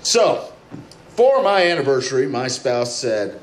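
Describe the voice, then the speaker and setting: A man's voice: mid-range voice, lively intonation, normal speed, a little hiss or hum, rough recording. A man on a live convention comedy panel, bantering and telling a profane, wry story to the audience.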